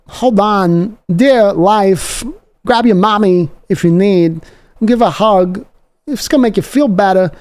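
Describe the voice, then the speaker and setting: A dramatic celebrity voice, as a man puts it on, stretching every phrase with strange pauses. It rallies the fans in a raised, theatrical tone. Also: high-pitched, darkish tone, pitched above the performer's own voice. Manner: slow drawn-out theatrical delivery with odd pauses.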